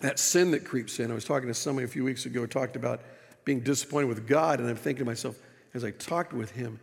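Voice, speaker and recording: A male pastor preaching a sermon with animated delivery, his voice rising and falling, with wry asides to the congregation. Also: mid-range voice, fast, gravelly, long reverb tail. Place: church sanctuary.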